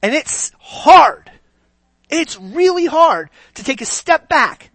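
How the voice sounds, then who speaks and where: A man preaching to his congregation with a bright, forceful voice. He leans hard on key words and keeps firing rhetorical questions at the room. The sound is close and dry, with little room echo. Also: very high voice, very animated, takes it slowly. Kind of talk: sermon.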